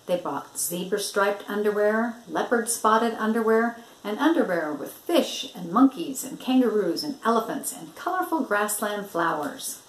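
Grandma reading a picture book out loud, lively ups and downs, echoey room. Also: female voice, mid-range voice, unhurried, slight background noise. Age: older. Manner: expressive, storytelling. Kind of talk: picture-book read-aloud. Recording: roomy echo.

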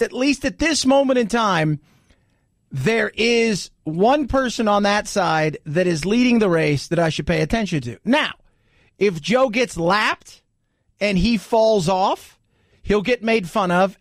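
A man's voice: high-pitched, dry recording, clean studio sound. A man hosting a political commentary show, talking in a loose conversational way with rhetorical asides. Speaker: host.

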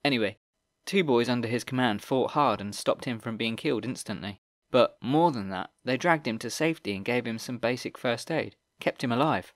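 A man's voice: mid-range voice, normal speed, dry recording, studio quality, voice pushed up, close to an everyday voice. A man voicing a cheerful, easygoing teenage boy soldier in an audiobook reading. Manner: easy, chatty, cheerful.

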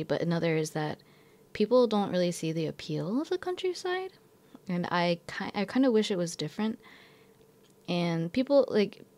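A woman's voice: on the low side, vocal fry, a little mellow. A young woman who teaches in Japan, telling a story in a casual vlog, rambling and filling her talk with "like" and self-corrections.

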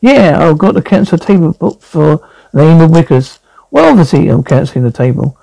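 An actor playing a bumbling, immature schoolteacher, in flustered sitcom dialogue. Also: male voice, a little high, very animated, fairly quick, gravelly, dark tone, dry recording, heavily acted, rough recording.

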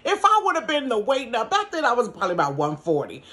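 Animated laughing woman telling a storytime. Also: a little high. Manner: animated, laughing, dramatic asides to viewers. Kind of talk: casual storytime. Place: her bedroom.

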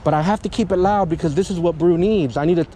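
A man working as a dog trainer, giving hands-on instruction in a kennel yard, animated and self-described dramatic, often checking in with a quick "yeah?". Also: high voice, a little hiss or hum.

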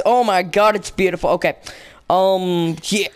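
A young man hosting a let's play, rambling with lots of fillers and bursting into yelling at the game. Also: high-pitched, moderate pace. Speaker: gaming channel host.

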